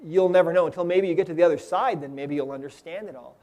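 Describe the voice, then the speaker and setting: A man's voice: fairly high pitch, quick pace, darkish tone, highs cut off. A man giving an inspirational seminar talk, telling a story earnestly and often checking in with the audience. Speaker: seminar speaker. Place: seminar room with live audience.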